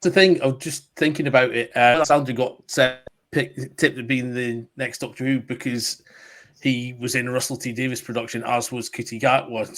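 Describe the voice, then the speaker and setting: A man's voice: mid-range voice, a bit bright. Chatty man co-hosting. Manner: chatty, frequent ums and laughs. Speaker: podcast co-host. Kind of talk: casual chat.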